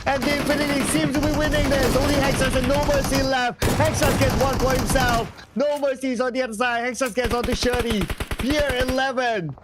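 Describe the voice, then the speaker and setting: A man casting a live esports match in English with a Southeast Asian accent, rattling off eliminations in quick succession. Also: very high voice, steady tone, heavy background noise. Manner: rapid-fire calling of eliminations. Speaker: esports caster. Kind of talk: live esports play-by-play commentary.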